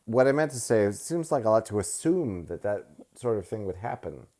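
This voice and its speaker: A man's voice: fairly low pitch, sing-song, brisk, warm tone. A man co-hosting a casual movie review, joking playfully while watching the film.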